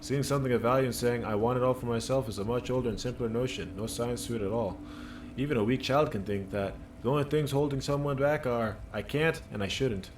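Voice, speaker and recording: A man voicing a blunt male harbor worker and union striker, reading the character aloud in a loud, emphatic, deliberate way. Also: mid-range voice, a little hiss or hum, lightly acted. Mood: preachy.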